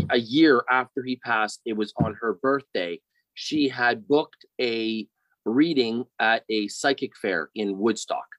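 A middle-aged man telling a personal story in casual conversation, animated and often repeating words as he starts a sentence. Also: mid-range voice, dry recording, poor audio.

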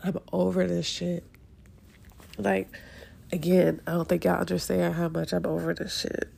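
A woman hosting her own podcast, venting in a halting, profane, frustrated way while near tears and congested. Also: lowish voice, little pitch movement, vocal fry, warm tone, slightly rough. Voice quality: congested from sinus trouble. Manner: halting, profane and frustrated, with many restarts and trailing pauses. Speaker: podcast host. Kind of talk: emotional solo podcast venting.

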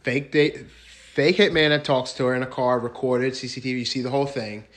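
A man's voice: mid-range voice, steady tone, fairly quick. A man in casual podcast chat, retelling a true-crime episode and acting out the people in it. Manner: acts out quoted people with shifting voices, uses "bro". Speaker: podcast co-host.

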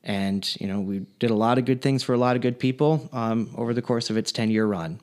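Guy doing a nervous dead guy at the pearly gates, pleading, bit low and quiet. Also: fairly quick, lightly acted. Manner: nervous, pleading, self-reassuring. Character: anxious newly dead man pleading his case.

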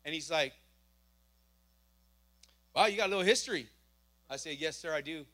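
A man giving a church testimony, telling his story with lively acted-out dialogue. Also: a little high, moderate pace. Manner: animated storytelling, acting out dialogue. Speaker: testimony speaker.

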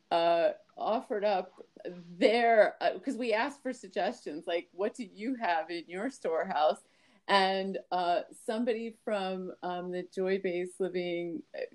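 A woman's voice: medium pitch, darkish tone. Earnest woman podcast co-host. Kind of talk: casual podcast conversation.

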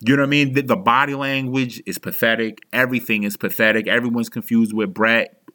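A young adult man vents as an angry fan on his sports podcast. His voice is bright and forceful at a middle pitch. He sounds heated and profane and keeps restarting his sentences. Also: fairly even intonation, brisk.

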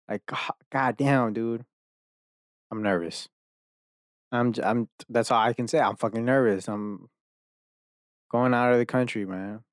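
This solo podcaster, a young man from Dallas, Texas, USA, speaks unhurriedly in a lowish voice with fairly even intonation and long pauses. He rambles, swears frequently, and keeps interrupting himself with restarts and fillers. The studio-quality audio has no room sound.

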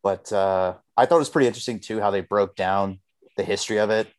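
A man with a somewhat low voice co-hosts a laid-back podcast. He talks loosely and swears freely. The sound is dry and close. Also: fast talker, dry recording. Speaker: podcast co-host. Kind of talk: casual chat.

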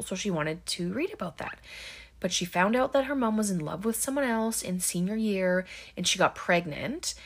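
Woman, lowish voice, casual movie recap, filler-heavy, chatty. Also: fairly bright tone, breathy edge. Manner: chatty, many ums and likes, quick quoted asides.

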